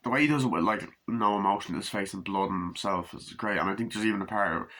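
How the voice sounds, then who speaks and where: A man reviews a movie in a loose, rambling way, with a low voice that still has a bright, forceful edge. He swears freely and keeps slipping into acted-out bits of the scenes. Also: fast. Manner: rambling, profane, acts out scenes in quoted voices.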